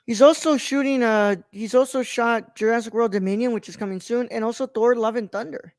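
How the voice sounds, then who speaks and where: A man's voice: very high voice, steady tone, fairly quick, no echo. Rambling man hosting a podcast review. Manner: rambling, many fillers and self-corrections. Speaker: podcast host. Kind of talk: casual film review chat.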